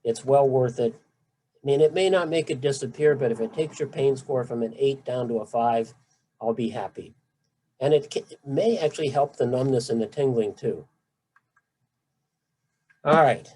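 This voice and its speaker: A middle-aged man lecturing patients on nerve pain treatment in a relaxed, conversational way. His voice sits in a mellow, warm register at a middling pitch. He speaks with emphasis and friendly asides. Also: moderate pace, pauses often, a little hiss or hum, low-quality recording. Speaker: physician lecturer. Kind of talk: medical talk to patients.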